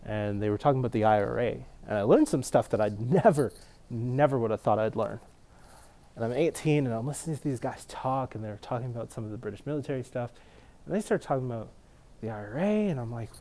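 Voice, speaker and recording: A young man from Canada with a Canadian accent, telling a casual story with laughs and sudden loud exclamations. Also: medium pitch, lively intonation, moderate pace.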